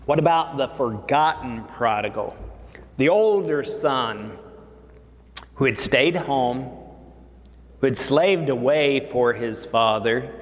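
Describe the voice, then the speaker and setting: A man preaching a sermon, retelling a parable in a dramatic storytelling manner. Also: mid-range voice. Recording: long reverb of a large hall.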